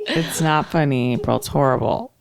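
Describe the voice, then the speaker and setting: A woman's voice: deep voice, animated, normal speed, creaky, crowd noise. A woman co-hosting a podcast, chatting playfully and chiming in on gossip. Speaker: podcast co-host. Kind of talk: casual gossip chat.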